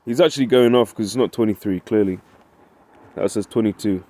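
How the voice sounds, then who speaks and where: Man, Bible teacher, casual chat, keeps asking "right?", mellow tone, dry sound. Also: fairly low pitch, brisk, no echo. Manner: reads scripture in old-fashioned wording. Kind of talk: casual Bible study talk.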